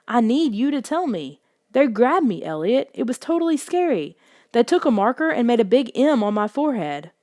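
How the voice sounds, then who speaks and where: A woman's voice: on the high side, big pitch swings, moderate pace, warm tone, no echo, clean studio sound, voice pushed up. A woman voicing an anxious young boy who pleads for answers in an urgent, rising voice.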